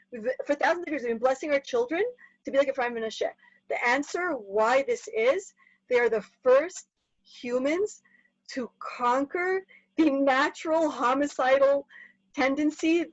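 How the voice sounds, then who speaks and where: A woman teaching a lively Torah class, explaining quickly and acting out the characters in sudden bursts. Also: high voice, dry recording. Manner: animated, acts out characters in bursts. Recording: dull muffled dry recording.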